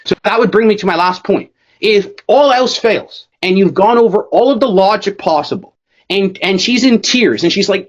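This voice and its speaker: A man's voice: high-pitched, big pitch swings, brisk. A young man coaching a sales rep over a call, blunt and swearing constantly. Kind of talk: profane casual coaching call. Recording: dull lo-fi call audio.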